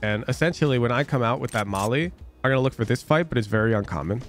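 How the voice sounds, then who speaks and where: A man's voice: mid-range voice, expressive, fast, faint music behind. A man coaching over a gameplay review, blunt and emphatic, casual and sweary, repeating phrases for sarcastic effect. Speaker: game coach.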